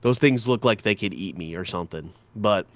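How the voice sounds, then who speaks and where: A man's voice: fairly low pitch, a little fast, fairly bright tone, no echo. Blunt swearing man, dry close sound. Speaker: podcast co-host. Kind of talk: casual chat.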